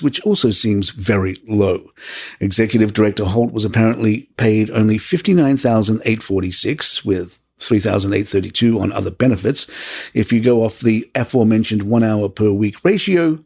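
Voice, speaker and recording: A man hosting a podcast, reading a scripted news segment in a steady, measured way. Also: on the low side, slightly rough. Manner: steady, measured delivery of figures and quotes. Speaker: podcast host.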